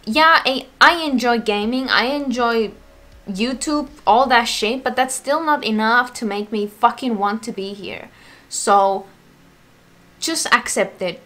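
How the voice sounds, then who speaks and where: A woman's voice: fairly high pitch, a little slow, a bit bright. A woman vlogger in a casual Q&A, rambling and swearing a lot, sounding mentally exhausted. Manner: rambling, full of "like", swears often. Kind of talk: casual ranting Q&A to camera.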